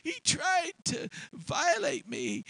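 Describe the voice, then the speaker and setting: A man voicing a master's wife who screams false accusations in a shrill falsetto. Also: very animated, slow, creaky, bright, forceful tone, no room sound, exaggerated voice. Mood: shrieking.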